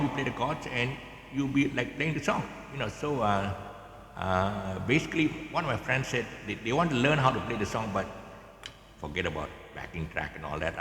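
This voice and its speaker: A very low-voiced man with a Malaysian English accent chats his way through a guitar lesson, his pitch swinging widely. He halts, restarts and chuckles often. The sound rings with a long echoey reverb over faint background ambience. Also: fairly bright tone, slight background noise. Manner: halting, many fillers and restarts, chuckles often. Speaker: guitar teacher. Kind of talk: casual rambling tutorial chat. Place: outdoors, in the open.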